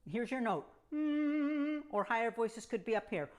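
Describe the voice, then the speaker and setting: A woman's voice: fairly high pitch, brisk. A middle-aged woman vocal coach teaching a singing lesson, demonstrating hums and scales as she explains.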